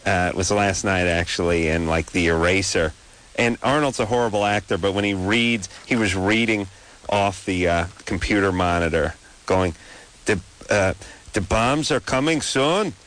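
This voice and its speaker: A man's voice: sits low, fairly even intonation, normal speed, fairly bright tone. A man hosting a late-night radio talk show, rambling and joking sarcastically through casual banter with his guests.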